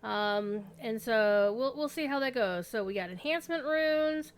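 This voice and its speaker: A woman's voice: fairly high pitch, lively intonation, measured pace. A woman streaming an online role-playing game, chatting casually to viewers and to her pet, with an easy, swearing-friendly manner. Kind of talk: casual live-stream chat.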